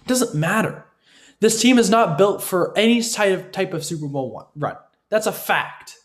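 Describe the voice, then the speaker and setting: Man, high-pitched animated voice, opinionated sports commentary, emphatic and repetitive. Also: moderate pace. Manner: emphatic, repetitive, addresses listeners as folks, frequent "right?". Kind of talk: opinionated football analysis monologue.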